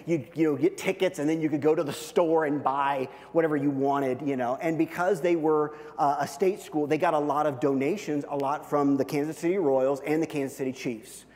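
A man preaching through a story, lively at times and dropping to a hushed near-whisper at the tender moments. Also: fairly high pitch, a little fast, hardly any pauses. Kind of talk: storytelling sermon. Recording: long hall reverb.

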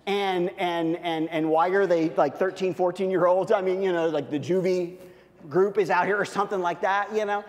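A male pastor preaching, telling a story with lots of restarts and animated asides. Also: high voice, moderate pace. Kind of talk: sermon with storytelling. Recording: long hall reverb.

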